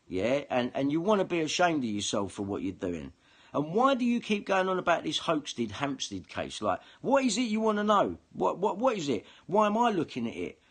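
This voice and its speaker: Speaking straight to camera, this male online commentator rants angrily, cursing a lot and going on the attack while circling back to the same points. His voice is husky and sits a little high.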